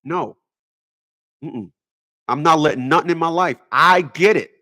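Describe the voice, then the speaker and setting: A man's voice: a little high, fairly quick, pushed and bright. A man ranting in a rambling comedic monologue, stammering and repeating words as he goes. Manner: stammers and repeats words, laughs at own jokes. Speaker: vlogger.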